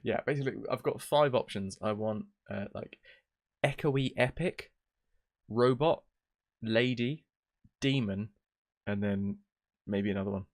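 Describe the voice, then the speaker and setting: A man's voice: on the low side, a little slow, long pauses, dry recording, studio quality. A man streaming a game, chatting casually and rambling with jokes as he plays. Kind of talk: casual gameplay commentary.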